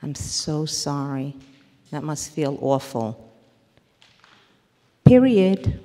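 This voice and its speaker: A woman's voice: sits low, animated, drawn-out words, pauses often, mellow. Emphatic woman lecturing in a reverberant hall. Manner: earnest, emphatic, breaks off and restarts mid-word. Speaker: therapist and parenting lecturer. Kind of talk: workshop lecture.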